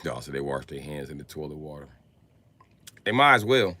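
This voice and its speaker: A man telling stand-up stories on a livestream, profane and animated with sudden loud jumps. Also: a bass voice, fairly quick, no room sound. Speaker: comedian on a livestream. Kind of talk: stand-up storytelling.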